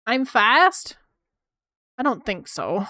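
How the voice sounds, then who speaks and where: A young woman chatting casually with her viewers while drawing on stream, excitable and quick to swear. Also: fairly high pitch, no room sound, studio quality. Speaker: art streamer.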